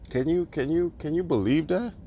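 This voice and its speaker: A man's voice: fairly high pitch, moderate pace, mellow, a little hiss or hum. A man ranting in a monologue, exasperated and sarcastic, firing off rhetorical questions and restarting his sentences. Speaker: crypto commentator.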